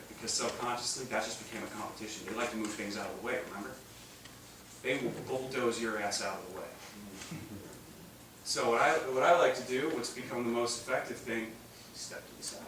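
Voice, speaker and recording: Man lecturing to a crowd, lively and jokey, distant mic, boomy echo, audible hiss. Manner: animated, joking, acts out voices with laughs. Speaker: chiropractic seminar speaker. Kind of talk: live seminar talk. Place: large room with live audience. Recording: distant mic, echoey room, noisy.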